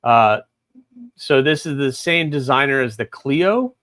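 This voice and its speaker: Laid-back man talking slowly about knives. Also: medium pitch, lively intonation, fairly bright tone, dry recording. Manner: laid-back, halting, searches for names. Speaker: co-host and knife sharpener. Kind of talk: casual live chat.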